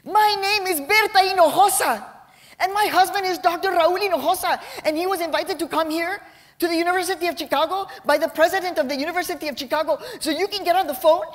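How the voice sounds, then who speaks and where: A woman voicing a small, determined mother standing up to an immigration officer, shrill and insistent, in a reverberant hall. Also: fast talker. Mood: fiercely insistent.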